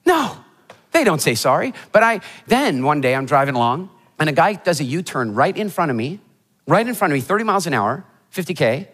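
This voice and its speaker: A motivational speaker telling funny stories in a keynote talk before a live audience, animated and acting out the voices of people in his stories. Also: fairly high pitch, a little fast. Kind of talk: humorous storytelling keynote talk. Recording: hall reverb of a live talk.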